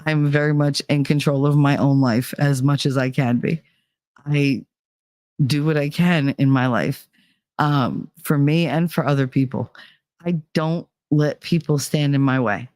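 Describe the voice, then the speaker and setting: A woman hosting a podcast who tells casual stories in an animated, profane way, leaping up in pitch when she quotes people. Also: unhurried, no room sound. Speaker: podcast host. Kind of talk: casual storytelling.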